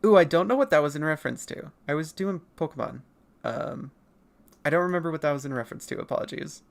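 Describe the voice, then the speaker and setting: An artist streamer chatting casually with viewers while drawing late at night, rambling, laughing often and deliberately keeping the voice pitched above its natural level. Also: animated, creaky. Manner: consciously holds voice higher than natural. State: up late, nearly four in the morning. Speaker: artist streamer answering chat questions.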